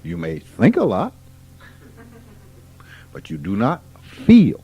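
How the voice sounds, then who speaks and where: A man gives an informal spiritual talk. He is folksy and unhurried, and he asks questions and then answers them himself. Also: on the high side, huge pitch swings, vocal fry, mellow, husky. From Mississippi, USA. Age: 50s. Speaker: spiritual teacher. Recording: dull archival tape recording.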